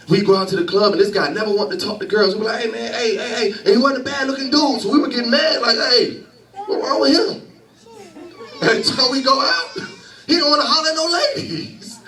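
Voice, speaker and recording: A man's voice: high-pitched, fairly bright tone, echoey room, distant mic, poor audio. A man in his thirties preaching a sermon in a church, talking to the congregation conversationally and with humor. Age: 30s. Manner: conversational preaching with laughter and call-and-response.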